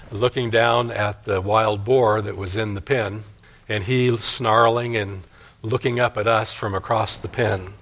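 A man's voice: on the low side, a bit bright. An older man, a pastor, preaching a sermon and telling a folksy story from his childhood.

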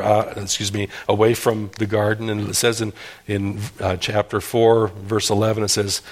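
A middle-aged man preaching a sermon, earnest and pleading, rising to emphatic cries and dropping to hushed lows. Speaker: pastor.

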